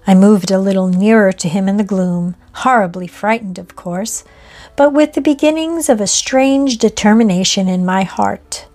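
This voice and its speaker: A woman reading a ghost story aloud in a measured, expressive way. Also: mid-range voice. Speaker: narrator. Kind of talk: scripted ghost story narration.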